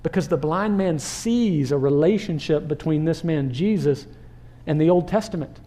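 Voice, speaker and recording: A man delivers a sermon, lively and engaging, throwing questions at the listeners. His voice sits slightly high with a warm, mellow tone. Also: moderate pace. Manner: animated, acts out crowd voices and rhetorical questions. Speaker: pastor.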